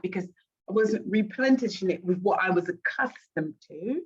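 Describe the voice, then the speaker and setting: A woman's voice: mid-range voice, moderate pace, slightly rough. A middle-aged woman from Great Britain, a life coach telling her story as an interview guest and acting out the voices she quotes. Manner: animated, acts out quoted voices. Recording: dull lo-fi audio.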